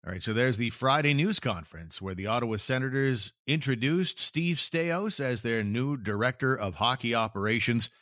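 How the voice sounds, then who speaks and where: A man's voice: medium pitch, normal speed, few pauses, a bit bright, no echo, studio quality. A man hosting a casual sports talk podcast, chatting and joking with sarcastic banter. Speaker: podcast host.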